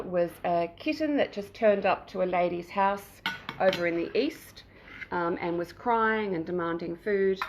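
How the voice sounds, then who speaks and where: Her medium-pitched voice has vocal fry and a darkish tone, with slight background noise in the recording. This middle-aged Australian woman runs a cat rescue livestream from home, talking on and on about the kittens in a chatty, rambling way and cooing baby talk at them.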